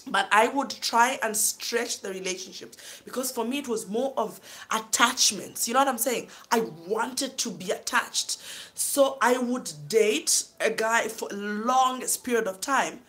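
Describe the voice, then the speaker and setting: A woman's voice: a little high, a little slow, bright, forceful tone. Emotional woman telling her story. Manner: emotional, keeps saying "you know what I'm saying". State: tearful at times. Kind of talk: personal storytelling.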